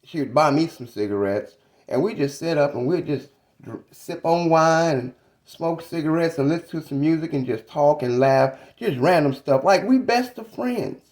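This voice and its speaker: A man in his thirties telling a personal story about his mother in a reflective, halting, casual way. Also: fairly high pitch, expressive, darkish tone. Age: 30s.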